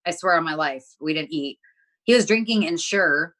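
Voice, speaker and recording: A woman's voice: low-pitched, expressive, moderate pace, fairly bright tone. A young woman talking as an interview guest, telling a story bluntly with lots of swearing and filler words. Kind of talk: casual chat.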